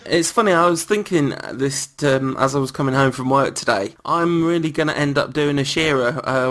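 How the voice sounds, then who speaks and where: A man hosting a casual football podcast, chatty and self-mocking with quick asides. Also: mid-range voice, a bit bright. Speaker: podcast host.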